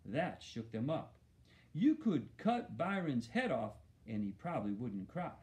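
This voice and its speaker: A man narrating a children's novel in an expressive first-person storytelling voice. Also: medium pitch, a little slow. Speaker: audiobook narrator.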